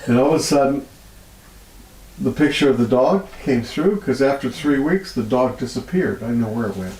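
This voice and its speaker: A man's voice: moderate pace, roomy sound, low-quality recording. Man telling stories with feeling. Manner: animated storyteller, laughs often, voice rises high when moved. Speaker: healer guest. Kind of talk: storytelling interview.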